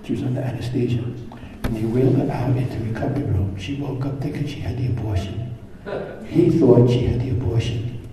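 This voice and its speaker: An earnest priest telling a story to a gathered audience, with a dark, mellow tone. He sounds far from the microphone in a long-reverb hall, with faint room noise behind him. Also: mid-range voice, fairly even intonation, fairly quick. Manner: earnest, with repeated phrases and restarts. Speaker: priest giving a workshop talk.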